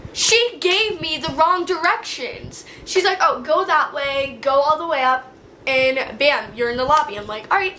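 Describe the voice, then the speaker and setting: A young woman vlogger telling a story in a casual, animated, slangy way, acting out what people said. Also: sits high, a little hiss or hum, poor audio. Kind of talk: storytime vlog. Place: indoor room.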